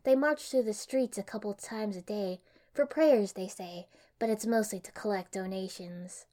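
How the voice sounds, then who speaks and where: A woman voicing a friendly, gossipy older village woman in a bright, chatty, animated way, as an audiobook character. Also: mid-range voice, moderate pace, natural voice.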